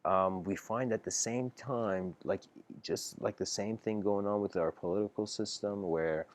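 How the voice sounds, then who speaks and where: A man with a very low voice gives an informal lecture, telling a story as he goes. He often breaks into laughter and slips into quick quoted voices for the people in his story. His talk is loose and full of "like" and "you know.". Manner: casual, laughs often, many fillers and restarts; acts out characters' lines in quoted voices.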